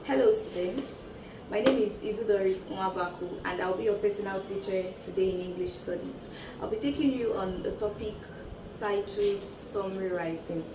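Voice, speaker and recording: A woman teacher walks students through a lesson, counting off her points one by one in a steady, measured voice. She sounds a little far from the mic in an echoey room, with steady noise behind her. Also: medium pitch. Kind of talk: classroom lesson.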